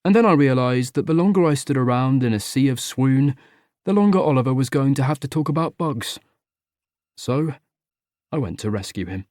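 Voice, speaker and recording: A man narrates a first-person audiobook with a wry, conversational delivery. His voice sits at an ordinary middle pitch and is recorded close and dry, with no room sound around it. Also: expressive, moderate pace, darkish tone, dry recording.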